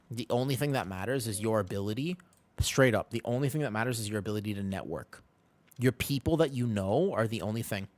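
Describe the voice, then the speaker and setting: A man's voice: mid-range voice, no echo. A man streaming a game, chatting casually with his chat, joking and answering questions.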